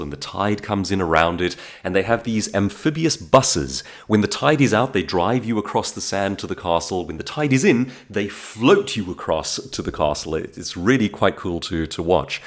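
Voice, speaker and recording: South african guy vlogging, lowish voice, pitch jumping all over as he tells stories. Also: moderate pace, hardly any pauses. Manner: animated storytelling with frequent restarts. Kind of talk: casual monologue to camera.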